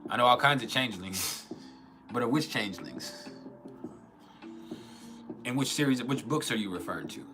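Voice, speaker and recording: A man's voice: mid-range voice, animated, moderate pace, long pauses, music in the background. A man hosting a casual livestream, rambling, often restarting his sentences and reading out chat comments. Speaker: livestream host.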